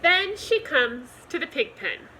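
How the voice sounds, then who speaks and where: A woman reading a children's picture book aloud in a gentle, expressive storytime manner. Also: high voice, measured pace, a little hiss or hum, poor audio. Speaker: storytime reader.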